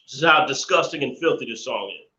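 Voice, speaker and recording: A man's voice: medium pitch, animated, fast, sharp tone. A man hosting a live stream, ranting indignantly and repeating himself in casual commentary. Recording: echoey room, dull lo-fi sound.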